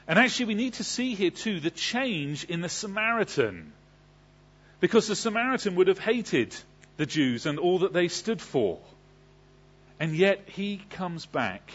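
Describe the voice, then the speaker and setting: A man's voice: high voice, fairly bright tone, breathy edge, lo-fi sound. A man preaching a sermon. He asks the congregation questions and then answers them. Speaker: pastor.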